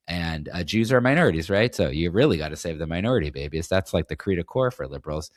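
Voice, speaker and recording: A man's voice: low-pitched, expressive, quick pace, hardly any pauses, no room sound, studio quality. A man from New England hosting a solo podcast, talking in a rambling, opinionated way with many restarts. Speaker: podcast host. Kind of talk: casual solo podcast monologue.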